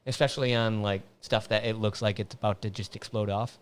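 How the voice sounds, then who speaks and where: A man's voice: lowish voice, steady tone, brisk, smooth. A man co-hosting a casual live whiskey-tasting stream, teasing his partner and swearing freely. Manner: teasing, profane, laughs at his co-host. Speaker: show co-host.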